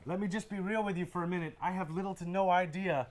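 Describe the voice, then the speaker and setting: A man in a live improv scene, speaking slowly and laughing at himself. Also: sits high, steady tone, crowd noise.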